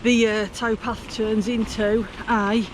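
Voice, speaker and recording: A woman's voice: fairly high pitch, little pitch movement, slow pace. A woman with a Black Country accent, giving jokey, down-to-earth commentary while out on a canal towpath. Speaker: vlog presenter. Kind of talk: chatty outdoor vlog commentary. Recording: outdoor noise on the mic.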